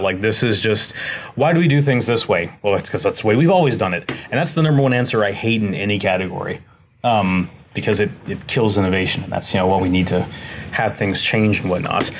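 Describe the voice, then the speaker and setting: A man joining a live panel as co-designer, trading quick jokes and banter. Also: fairly low pitch. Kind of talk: casual panel talk.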